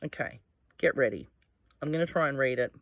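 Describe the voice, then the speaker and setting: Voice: mid-range voice, brisk, a bit bright, no room sound. Rambling Australian vlogger, dry close sound. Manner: digressive, swears casually, chuckles. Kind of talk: casual rambling monologue. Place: home without power, by candlelight.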